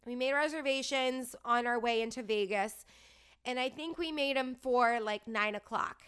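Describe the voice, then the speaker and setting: A woman in her thirties chats away brightly, gushing about everything and filling her sentences with "like". Her voice is fairly high and rings smooth and clear. She tells stories in an easygoing, casual flow. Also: moderate pace. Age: 30s. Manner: bubbly, gushing, lots of "like". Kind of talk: casual chatty storytelling.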